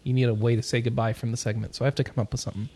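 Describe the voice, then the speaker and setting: A man hosting a casual podcast, chatty and quick to laugh while he runs through news items. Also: mid-range voice, little pitch movement, darkish tone, slightly rough. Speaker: podcast host.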